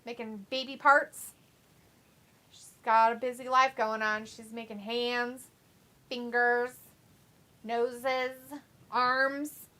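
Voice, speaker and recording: Bright-voiced giggly woman hosting a stream. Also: fairly high pitch, little pitch movement, takes it slowly, pauses often. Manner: giggly, playful, sing-song outbursts. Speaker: watch-along stream host. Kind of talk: casual live-stream chat, reading out chat messages.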